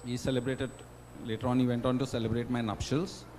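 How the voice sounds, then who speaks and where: A middle-aged man with an Indian English accent giving an emotional personal testimony as a guest speaker, with dramatic swings in loudness. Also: mid-range voice, level tone, quick pace, slight background noise, low-quality recording. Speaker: guest speaker at a student induction.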